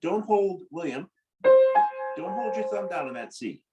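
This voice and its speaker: A man's voice: sits high, expressive, a little slow, rough recording. A man coaching a piano student in a lesson, blunt and corrective, often stopping the student to explain dynamics. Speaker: piano teacher in a masterclass. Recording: loud piano playing behind the voice.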